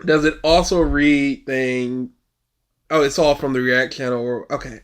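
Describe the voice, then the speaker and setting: A man's voice: medium pitch, fairly even intonation, unhurried, clean tone. A man co-hosting a casual reaction chat, mocking and laughing as he comments. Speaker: co-host reacting to video.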